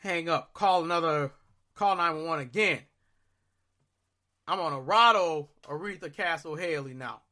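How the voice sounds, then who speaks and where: Bright-voiced young man telling a wild story. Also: fairly high pitch, measured pace, long pauses. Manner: animated, profane storytelling with loud exasperated outbursts. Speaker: podcast co-host. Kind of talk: casual storytelling chat.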